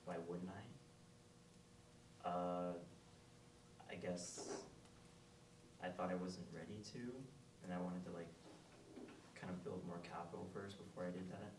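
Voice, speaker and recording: A young man with a very deep voice answers slowly and nonchalantly, filling pauses with likes and ums. He sounds distant from the microphone in an echoey room, with faint background noise. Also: monotone. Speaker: new investor asking for advice. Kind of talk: hesitant answers in a live group session.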